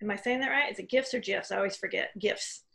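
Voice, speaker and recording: A woman's voice: mid-range voice, quick pace, creaky, pushed and bright. A woman hosting a casual interview over a video call, chatty and encouraging, laughing easily as she asks about training. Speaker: host.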